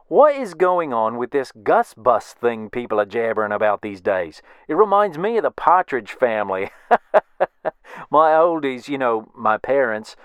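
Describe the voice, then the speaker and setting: A man's voice: medium pitch, clear, resonant tone, no echo, muffled recording, lightly acted. A man playing a cheeky young Australian wiseguy with a thick Australian accent, full of slang and teasing patter in a comedy bit.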